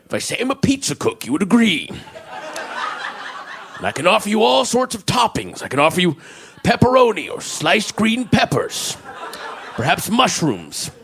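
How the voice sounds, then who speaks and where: A man doing an impression of an intense, menacing old-time oilman, making slow, theatrical pronouncements. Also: high voice, big pitch swings, vocal fry, a bit bright, full character voice. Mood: grandiose.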